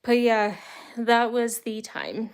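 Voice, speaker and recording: A young adult American woman takes it slowly as she hosts a livestream, chatting casually to live viewers through rambling personal stories with the odd laugh. Her fairly high voice has a clear, resonant tone.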